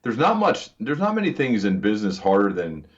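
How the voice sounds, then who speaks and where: Speaking fairly quickly with huge swings in pitch, this male podcast host has a lowish voice. He interviews his guest conversationally, earnest and prone to restarting his sentences. The audio is dull and lo-fi.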